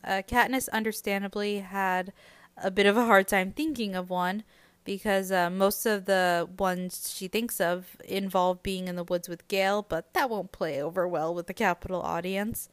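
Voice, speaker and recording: A woman hosts a casual book podcast, talking through the chapters in a loose, chatty manner. Her voice is smooth and clear, recorded dry and close with no room sound. Her pitch sits in an ordinary middle range. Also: steady tone, normal speed, no room sound. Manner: chatty, conversational, frequent "uh" and "like".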